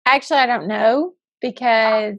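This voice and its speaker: High-voiced bantering woman. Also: unhurried, lo-fi sound. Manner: good-humored, bantering back. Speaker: podcast co-host. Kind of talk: casual chat.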